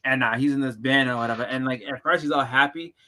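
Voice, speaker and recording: A man with a New England accent in casual chat, telling rambling stories and bursting into loud impressions. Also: mid-range voice, fairly even intonation, quick pace.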